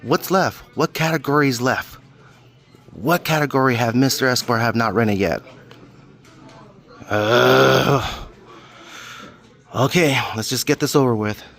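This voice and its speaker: A man's voice: medium pitch, measured pace, vocal fry, pauses often, a bit bright. Man, middle-aged, playful, casual vlog chatter, third-person self-talk. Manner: playful, talks about himself in third person. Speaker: vlogger. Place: video rental store.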